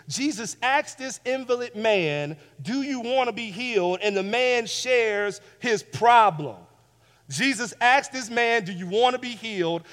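A male pastor preaches with a high voice, driving home repeated phrases. He drops to near-hush, then swells loud again. His clip-on mic sits in a church hall with a long, lingering reverb. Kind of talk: sermon. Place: church sanctuary.

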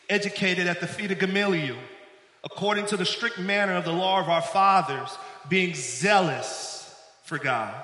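High bright-voiced preacher in an echoey hall. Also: male voice. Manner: preaching with call-outs to the congregation. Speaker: pastor. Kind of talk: sermon. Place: church sanctuary. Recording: echoey hall with long reverb.

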